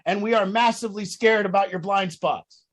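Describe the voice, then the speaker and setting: A man leading a recovery group talk, blunt and profane, firing rhetorical questions at his listeners. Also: moderate pace. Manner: rhetorical questions, swings loud and high when worked up. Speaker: group leader.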